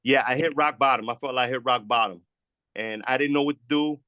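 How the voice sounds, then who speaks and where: A man's voice: medium pitch, a little fast, bright, forceful tone, no room sound. A man speaks with raw, heartfelt earnestness, his sentences breaking off and starting again as he repeats words. His voice sits in an ordinary middle register, recorded dry and close with no room sound around it. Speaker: former guest sharing recovery story. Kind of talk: emotional testimonial.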